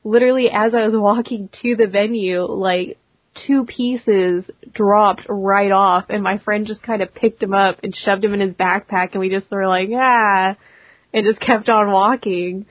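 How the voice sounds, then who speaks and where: A young woman chats through an interview in a quick, rambling way, peppering her talk with "like" and restarting her sentences. The room is dry and close, and the sound is a little dull and lo-fi. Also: mid-range voice, fairly even intonation, dry recording. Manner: chatty, quick, full of "like" and restarts. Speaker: cosplayer guest. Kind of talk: casual interview chat.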